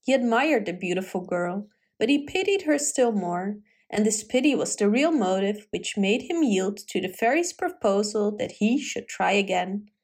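A woman reading a fairy tale aloud in a gentle, expressive storytelling manner. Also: mid-range voice, normal speed, hardly any pauses, breathy edge.

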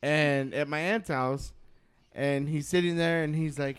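A man's voice: fairly high pitch, steady tone, a little slow, smooth. A young man co-hosting a casual podcast, telling a story in a laid-back, slangy way. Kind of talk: casual chat.

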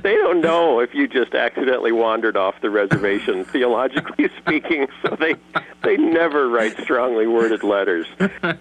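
A man answering interview questions in a casual, joking way, lively and quick to slip into voices. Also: medium pitch, poor audio. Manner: animated, jokey, slips into character voices. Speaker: guest voice actor and creator.

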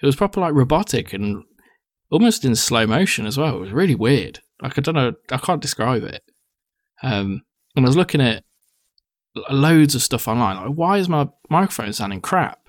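A man's voice: medium pitch, very animated, normal speed, no room sound, studio quality. A young man, co-hosting a casual podcast chat, talkative and swearing freely. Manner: chatty, swears casually, acts out quotes. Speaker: podcast co-host.

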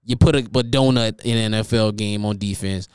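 A man's voice: lowish voice, a little fast, a little mellow, clean tone, dry recording, studio quality. A man hosting a casual football commentary monologue, teasing rival fans with profane trash talk. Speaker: sports commentator host.

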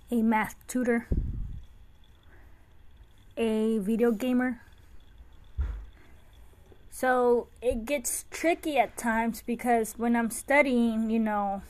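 Chatty mom telling family stories. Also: female voice, on the high side. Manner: chatty, anecdotal storytelling. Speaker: podcast host and mother. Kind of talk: casual chat.

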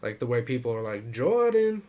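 A man's voice: mid-range voice, moderate pace, dull audio. Laughing, rambling male podcast co-host. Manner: laughs often, rambling and animated. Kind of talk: casual sports chat.

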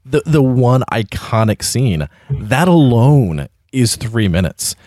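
An animated man talking about classic films with a pitch that swings up and down freely. He jokes around as he talks, recorded close and dry on a podcast mic. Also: slow, no room sound. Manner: animated, joking, puts on mock narrator voices. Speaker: podcast co-host. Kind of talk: casual film discussion.

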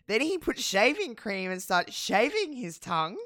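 A podcast host casually recapping a wrestling show, telling it with animated, profane storytelling and frequent laughs. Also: mid-range voice, normal speed, no room sound, studio quality. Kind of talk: casual chat.

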